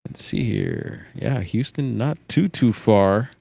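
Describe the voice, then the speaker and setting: A man hosting a casual livestream, reading reports aloud with relaxed, musing asides. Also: on the low side, takes it slowly, vocal fry, husky, no room sound. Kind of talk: casual live commentary.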